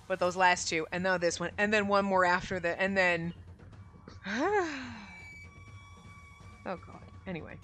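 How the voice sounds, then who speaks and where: A woman's voice: lowish voice, a bit bright. A young woman giving sarcastic, exasperated commentary with frequent swearing while playing and reading a visual novel aloud. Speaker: gaming streamer. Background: faint game music.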